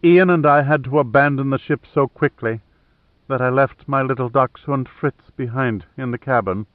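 A man voicing a gentle, older woman who is a grandmother, speaking wistfully. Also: medium pitch, normal speed, no room sound, natural voice. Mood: sad. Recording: thin phone-like dry audio.

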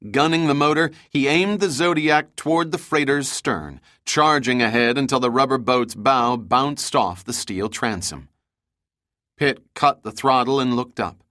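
A man narrates a thriller audiobook in a bright, forceful voice. The sound is dry and close, with no room around it. His delivery stays steady and dramatic. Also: mid-range voice, measured pace, no room sound. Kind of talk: scripted action narration.

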